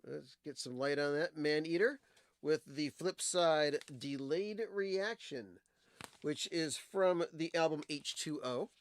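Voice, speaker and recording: A man's voice: on the high side, slow. A man hosting a livestream, chatting casually and at length about old singles and their flip sides, wandering off into stories. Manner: rambling, digressive storyteller with fillers. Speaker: livestream host. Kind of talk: casual music talk, showing old records.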